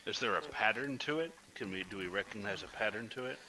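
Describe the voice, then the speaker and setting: A man playing a tabletop game, speaking quietly and asking questions. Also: on the low side, expressive, fast talker, low-quality recording. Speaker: player. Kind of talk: casual tabletop game play.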